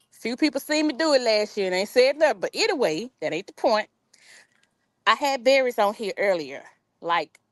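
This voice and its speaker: A woman's voice: mid-range voice, fairly bright tone, no room sound. Woman chatting on a garden livestream, y'all this y'all that, reads out comments, dry close phone sound. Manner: chatty, reads viewer comments aloud, informal dialect with y'all. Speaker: gardening live-stream host. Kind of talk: casual live-stream chat. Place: outdoor backyard garden. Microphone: phone camera on a tripod.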